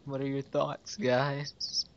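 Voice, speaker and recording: A man's voice: medium pitch, monotone, takes it slowly. A man co-hosting a casual podcast, introducing news items with a light, joking tone. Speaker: podcast co-host presenting news. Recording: dull lo-fi audio.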